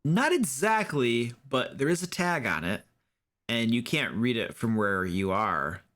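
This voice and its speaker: Man, DM, casual and rambling narration with a lively pitch. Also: unhurried. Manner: loose and rambling, lots of fillers. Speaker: dungeon master. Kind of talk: casual tabletop game narration.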